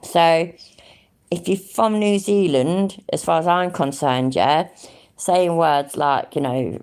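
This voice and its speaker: A woman's voice: low-pitched, slow, a little mellow, smooth. An English woman rambling casually on a live stream, thinking aloud, humming to herself and swearing freely. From England.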